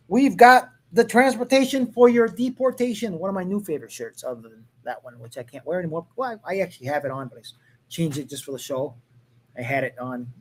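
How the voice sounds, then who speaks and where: A man's voice: high-pitched, fairly bright tone. A man hosting his own podcast, giving casual political commentary in a sarcastic, mocking way, swearing freely and tossing jokey asides into what he reads aloud. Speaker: podcast host.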